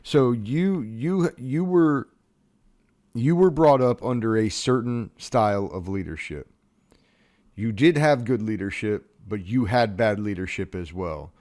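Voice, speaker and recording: Male podcast host, lower voice, probing and thorough interviewer. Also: expressive, a little slow, a little mellow. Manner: probing, rephrasing questions.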